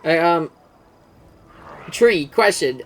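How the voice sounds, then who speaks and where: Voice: mid-range voice, lively intonation, drawn-out words. A game streamer casually explaining game lore, enthusiastic and rambling, with lots of fillers and swearing.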